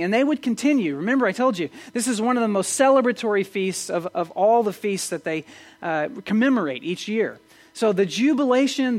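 A man preaching a sermon as pastor, animated and asking his listeners questions, with frequent restarts. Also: high-pitched. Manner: animated, asks the audience questions, many restarts.

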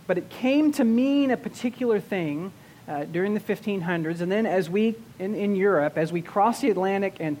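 A male pastor teaching a sermon, restarting and repeating words as he goes, slowing down to stress key terms. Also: high voice, darkish tone, slight background noise.

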